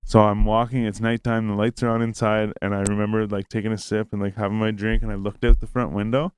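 A young man tells a rambling story with plenty of swearing. His voice sits low and comes across smooth and resonant. The sound is dry and close. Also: level tone, fast talker, no echo. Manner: rambling, profane, acts out quoted lines. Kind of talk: casual storytelling.

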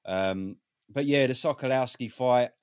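A man giving boxing opinions in a casual, animated chat, swearing freely. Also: mid-range voice, unhurried, smooth, no room sound, clean studio sound. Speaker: boxing pundit.

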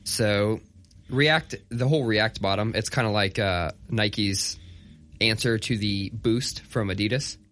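A podcast co-host in his thirties talks at a measured pace in a voice on the low side. The conversation is casual, full of lively storytelling and plenty of swearing.

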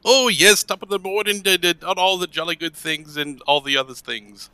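A man doing a cheerful shark gent with a raised, bright, chummy voice. He talks in fussy, old-timey posh turns of phrase. A tabletop game voice, dry and close. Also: sits high, moderate pace, clear, resonant tone, no echo, pitched above the performer's own voice. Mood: jolly. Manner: chummy old-fashioned upper-crust phrasing. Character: jolly posh male shark creature.

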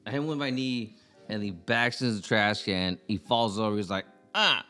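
A young adult man in a casual podcast chat, an animated storyteller who slips into squeaky toddler imitations. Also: brisk, faint music behind. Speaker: podcast co-host.

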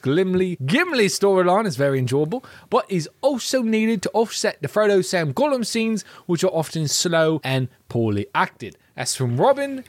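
A young man co-hosts a casual movie-review podcast, his voice a little high for a man. He keeps things playful and teasing, slipping into mock voices now and then. The sound is dry and close. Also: no room sound. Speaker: podcast co-host.

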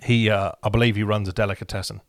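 A man's voice: fairly low pitch, little pitch movement, quick pace, no echo, studio quality. A man with a put-on British accent, bantering in character on a comedy podcast, playful and rambling with lots of restarts. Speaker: podcast co-host.

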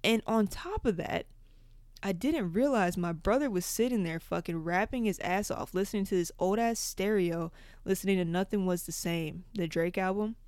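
A young woman hosting a podcast, telling a story in a casual, profane, animated way. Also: medium pitch, normal speed, clear, resonant tone, dry recording. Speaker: podcast host.

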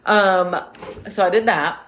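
A woman in her forties co-hosts a podcast in a mid-range, fairly bright voice, taking her time as she speaks. She rambles through stories in casual chat and addresses listeners directly. There's a little hiss or hum on the recording.

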